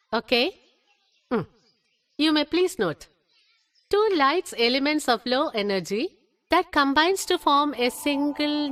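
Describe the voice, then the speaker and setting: A strict schoolteacher lectures her class and scolds a student. Her voice sits high and swings widely, and she speaks slowly and firmly. Music plays under the dubbed film dialogue. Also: fairly bright tone, heavily acted. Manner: stern, lecturing. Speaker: teacher.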